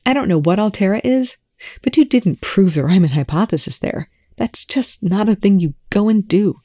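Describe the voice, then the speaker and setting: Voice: medium pitch, animated, normal speed, dark tone, dry recording, studio quality, pitched above the performer's own voice, lightly acted. A reader voicing an exasperated, incredulous male astrophysicist in a fan fiction reading, flustered and disbelieving.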